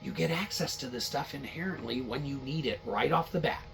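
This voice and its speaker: A man's voice: medium pitch, a little fast, gravelly, a bit bright, slight background noise. A man hosting a podcast, ranting casually about a video game in a rambling, profane, repetitive way. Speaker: podcast host. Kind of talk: casual game-review rant.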